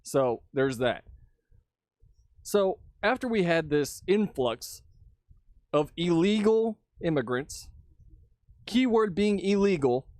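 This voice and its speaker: Man from Texas, angry profane rant, high-pitched, dry close sound. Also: animated, slow, pauses often, darkish tone, dry recording. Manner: heated, profane ranting. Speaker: vlogger.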